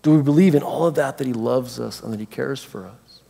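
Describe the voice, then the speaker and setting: A man preaching a sermon as a pastor, animated and acting out little voices for the people in the story. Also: mid-range voice, fairly quick, vocal fry, breathy edge. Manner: animated, acts out voices of Bible figures. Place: church hall. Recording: long hall reverb.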